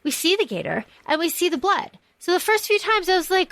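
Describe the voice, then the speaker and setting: Woman podcast co-host, high voice, enthusiastic and rambling, dry recording. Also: very animated, fairly quick, hardly any pauses, a bit bright, no room sound. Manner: rambling, enthusiastic, swears freely. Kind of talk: casual film discussion.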